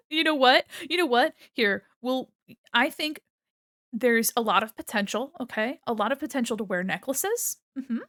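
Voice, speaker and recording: A woman's voice: fairly high pitch, fairly bright tone, no echo, studio quality. A woman streamer chatting casually while she draws, playful and giggly, laughing often and talking to her chat at a desk mic. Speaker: art streamer. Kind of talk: casual commentary while drawing.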